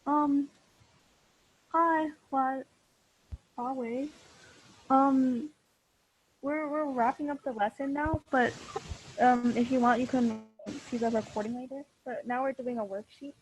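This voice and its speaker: A young woman teaching a class over a video call, explaining patiently and slowly with many fillers and restarts. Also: high-pitched, steady tone, a little hiss or hum, poor audio. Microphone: computer mic on a video call.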